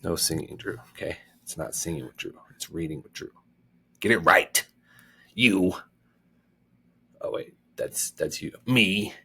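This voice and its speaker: A man's voice: deep voice, a little slow, creaky, pushed and bright, slightly rough. A man who hosts a reading channel, chatting casually after a chapter in a rambling, joking, self-mocking way. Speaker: book reader and channel host. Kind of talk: casual chat after a read-aloud chapter.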